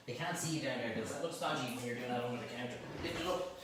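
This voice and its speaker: A middle-aged Irish man with a mid-range, rapid-fire voice hosts a live cooking demonstration in his home kitchen, talking viewers through a recipe and bantering teasingly with his helpers. The echoey kitchen is recorded with a distant mic and faint noise.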